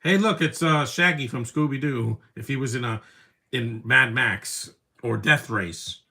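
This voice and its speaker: A man's voice: mid-range voice, unhurried, vocal fry, pushed and bright. A man giving casual live commentary over a movie, rambling from one opinionated aside to the next.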